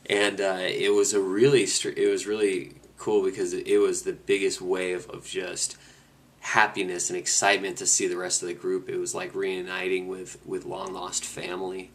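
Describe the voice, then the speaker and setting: A motorcycle rider casually walks through his long cross-country trip, wandering off track and restarting sentences as he goes. He has a low voice and talks at a normal speed.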